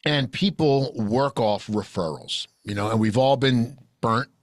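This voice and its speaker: A man hosting a casual group talk show, blunt and jokey, telling animated stories. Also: medium pitch, unhurried, dry recording, clean studio sound. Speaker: podcast host. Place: recording studio.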